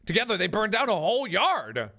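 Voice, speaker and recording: A man's voice: high voice, wildly swooping pitch, brisk, gravelly, sharp tone, slight background noise, pitched above the performer's own voice, heavily acted. A man voicing a laid-back, chatty suburban dad in a video game. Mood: amused. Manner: easygoing, chatty.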